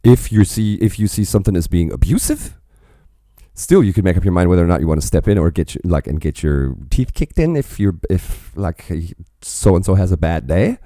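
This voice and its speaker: A man with a very low, mellow voice comments on a song in a loose, profane, rambling way. His pitch swings widely as he gets worked up. The sound is dry and close, with no room echo. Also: big pitch swings, a little fast. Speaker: reaction video host. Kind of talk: casual reaction commentary.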